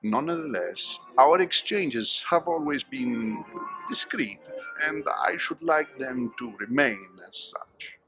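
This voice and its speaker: Stately game cardinal, formal and measured, lively intonation, faint music under it. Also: male voice, mid-range voice. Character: older male cardinal, dignified and discreet. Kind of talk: video game voice acting.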